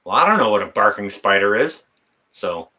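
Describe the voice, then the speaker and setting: A man's voice: lowish voice, sing-song, normal speed, sharp tone. A middle-aged man hosting a casual livestream, reading the chat in a folksy way, with lots of fillers and laughter.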